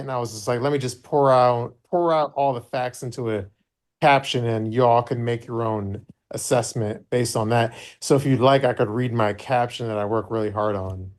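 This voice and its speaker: Male podcast host, mid-pitched, loose and profane, chatty gossip delivery. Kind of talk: casual chat.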